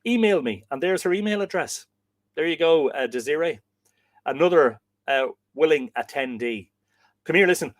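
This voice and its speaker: A man's voice: on the high side, expressive, normal speed, dry recording, studio quality. An Irish man hosting a casual livestream, reading out viewer comments and chatting back to them. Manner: chatty, reads out comments and answers them warmly. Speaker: livestream host.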